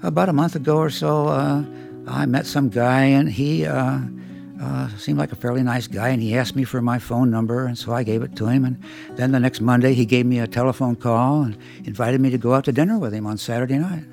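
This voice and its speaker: A man's voice: mid-range voice, fairly even intonation, brisk, vocal fry, darkish tone, soft background music, lightly acted. A man voicing an indignant woman who complains about men, with a raised, exasperated tone. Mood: chatty. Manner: exasperated, insistent.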